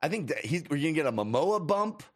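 A man's voice: on the high side, big pitch swings, fast talker, no room sound, studio quality. A man co-hosting a casual film podcast, joking and often repeating words as he starts sentences. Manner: joking, repetitive restarts. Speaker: podcast co-host.

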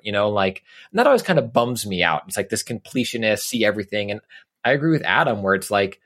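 A man's voice: low-pitched, expressive, fast, a bit bright. A man co-hosting a gaming podcast, chatting casually in a playful, joking way. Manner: playful, joking, frequent "um" fillers. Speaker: podcast co-host. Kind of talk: casual chat.

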